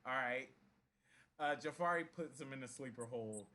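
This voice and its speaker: A man narrating as game master of a tabletop game, halting and full of fillers. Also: medium pitch, sharp tone.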